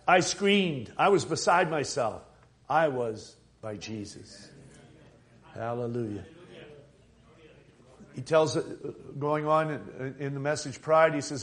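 A male preacher delivers a fervent sermon with a voice pitched somewhat high. He moves between low, intimate stretches and surges of near-shouted passion as he calls out to his congregation during a church service. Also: lively intonation, slow.

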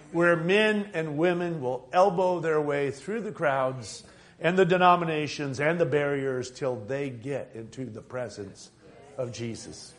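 Fervent male preacher with a high voice. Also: a little slow. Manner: fervent, rising to near-shouting passion. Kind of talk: fervent sermon. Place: church service.

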